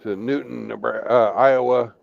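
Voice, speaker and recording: A man's voice: mid-range voice, fairly even intonation, moderate pace, vocal fry, dull audio. A man who works as a truck driver, talking in a casual online group chat, teasing and stammering as he repeats words.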